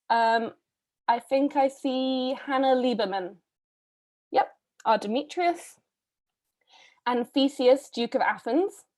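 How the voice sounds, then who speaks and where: Woman host, slightly high voice, brisk and chatty on a video call. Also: a little mellow. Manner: chatty, brisk, with frequent ums and little laughs. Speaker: read-a-thon host casting readers. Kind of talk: casual live-stream casting call.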